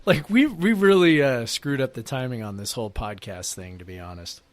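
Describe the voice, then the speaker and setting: A man's voice: medium pitch, expressive, a little fast. A tired man co-hosting a casual sports podcast from his basement, talking in a meandering way with frequent fillers that trail off. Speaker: podcast co-host. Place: home basement.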